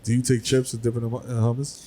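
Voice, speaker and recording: A man in his thirties with a New York accent, co-hosting a podcast, firing off quick jokey interjections full of slang. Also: medium pitch, little pitch movement, warm tone. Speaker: podcast co-host. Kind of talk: casual comedic banter.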